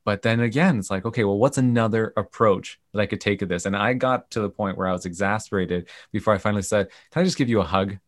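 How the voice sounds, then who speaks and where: A man with a low-pitched voice tells stories in an interview, jumping into lively quoted voices as he goes. The recording is dry and close, with no room sound. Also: fast, few pauses, no room sound. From Canada. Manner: animated retelling with quoted voices. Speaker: guest, camp CEO. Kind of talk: storytelling in a podcast interview.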